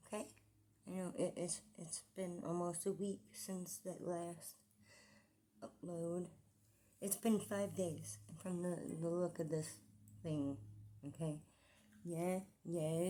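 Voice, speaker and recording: A woman in her forties talks to her camera at home in a slow, unhurried way, her voice mellow and warm. She rambles from topic to topic, drops now and then into a whisper, and flares up into indignant rants. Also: on the low side, a little hiss or hum. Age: 40s. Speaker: vlogger. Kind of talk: casual vlog monologue. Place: apartment indoors.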